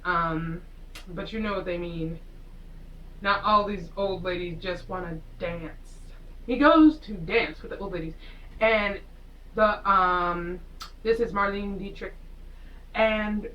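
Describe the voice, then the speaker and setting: A woman's voice: lowish voice, slow, pushed and bright, recorded from a distance, dull audio, slight background noise. A woman casually recapping a film with sarcastic asides, rambling and acting out the characters as she goes. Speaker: vlogger reviewing a film. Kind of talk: casual chatty movie recap.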